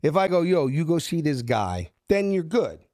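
Animated storyteller with a Philly accent. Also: male voice, dry recording, studio quality. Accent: Philadelphia. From South Philadelphia. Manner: acts out quotes with shifting pitch, lively and fast. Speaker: guest telling his life story.

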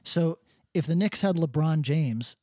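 Sardonic rambling man, slightly high. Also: expressive, unhurried, dark tone, dry recording, studio quality. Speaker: podcast co-host. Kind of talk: casual podcast chat.

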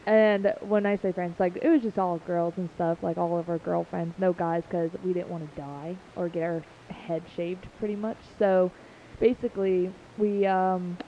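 A woman's voice: lowish voice, steady tone, normal speed. Giggly young woman telling a story. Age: young adult. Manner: giggly, rambling storyteller with fillers. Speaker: podcast guest, host's daughter. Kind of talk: casual family podcast chat. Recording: muffled lo-fi with faint hiss.

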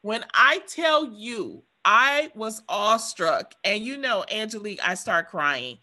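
A woman hosting a radio talk show, telling a story in a lively, expressive way. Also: medium pitch, measured pace. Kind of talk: casual chat.

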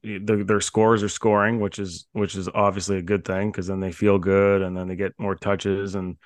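A man co-hosting a casual sports chat, telling animated stories and laughing often. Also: deep voice, normal speed, dry recording. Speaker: podcast co-host, former hockey player.

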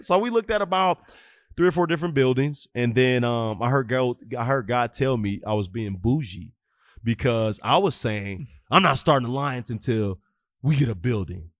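A man's voice: mid-range voice, lively intonation, normal speed, fairly bright tone, dry recording, studio quality. A man in his thirties, a youth football coach and podcast guest, telling stories animatedly and acting out the dialogue. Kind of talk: casual interview storytelling.

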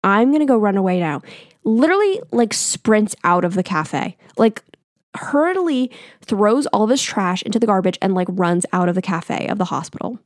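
A woman's voice: mid-range voice, animated, normal speed, no echo, studio quality. A young woman telling a personal story in a casual, chatty way, full of "like" and the odd swear word. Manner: chatty, filler-heavy with lots of "like", casual swearing.

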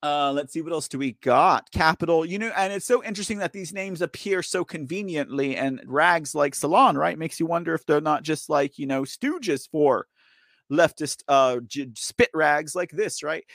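A man's voice: on the high side, moderate pace, creaky, fairly bright tone, dry recording, clean studio sound. A man hosting a political talk show, riffing loosely and uncensored between articles he reads aloud. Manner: loose, uncensored, riffing asides with frequent okay and right. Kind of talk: opinionated political commentary, reading articles aloud.

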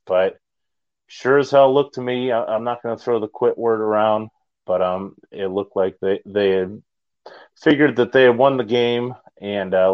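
Low-voiced man on dull lo-fi audio. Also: a little mellow. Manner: rambling, conversational, hesitant. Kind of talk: casual sports chat.

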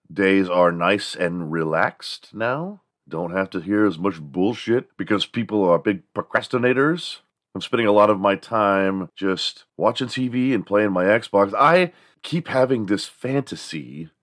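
A man with a low, slightly bright voice hosts a podcast, recorded at studio quality with no room sound. He rambles through a casual, profane, comedic rant, sometimes bursting into the voices of people he quotes.

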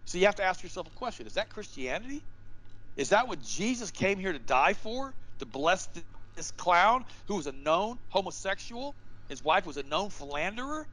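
Man, guest on a show, fiery and emphatic, preacher-like, rhetorical questions, slightly high voice. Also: very animated, moderate pace, fairly bright tone, low-quality recording. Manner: repeats himself and asks rhetorical questions. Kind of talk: impassioned interview talk.

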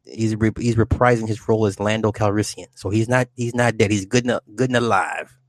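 A man's voice: on the low side, fairly even intonation, a little fast, dry recording. Rambling cussing guy chatting on a stream, laughs a lot, dry close sound. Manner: profane, rambling, laughs often. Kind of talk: casual chat.

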